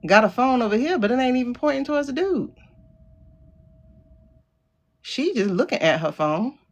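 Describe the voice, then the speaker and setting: Woman streamer, AAVE, incredulous running commentary, voice swings high and low. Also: very animated, normal speed. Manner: incredulous, talks back at the screen. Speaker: livestream host. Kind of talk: casual livestream commentary.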